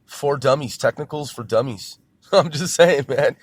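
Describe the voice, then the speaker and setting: A man's voice: medium pitch, a little slow, slightly rough. A man hosting a rambling solo talk from a car, loose and profane, laughing at himself. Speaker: podcast host.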